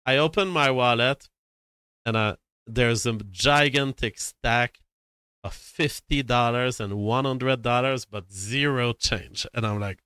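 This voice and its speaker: Bright-voiced man. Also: medium pitch, unhurried, clear, resonant tone, no room sound. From Canada. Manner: rambling, profane, self-dramatizing. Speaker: storyteller. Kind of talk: casual anecdote.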